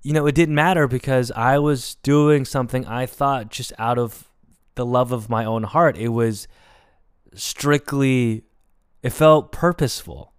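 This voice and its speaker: A man's voice: medium pitch, measured pace, smooth, dry recording. Young male podcast host, reflective solo monologue, casual swearing, resonant tone, dry studio sound. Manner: candid, rambling, swears casually.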